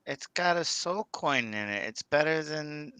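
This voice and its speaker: A man's voice: a little high, expressive, a little slow, bright, forceful tone, smooth, no room sound. A man playing in a casual tabletop game, hesitant and stammering. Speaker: player.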